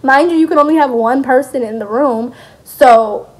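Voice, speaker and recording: A young woman, chatting through a storytime vlog in a lively, animated way. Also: high voice, normal speed, slightly rough. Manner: chatty, animated retelling with laughs. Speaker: vlogger.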